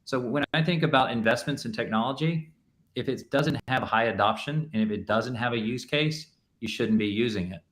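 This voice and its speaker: A man's voice: medium pitch, normal speed, fairly bright tone. A man speaking on an industry panel in a conversational way, peppered with filler words. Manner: conversational, frequent "you know" fillers. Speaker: panelist, restaurant tech executive. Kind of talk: panel discussion.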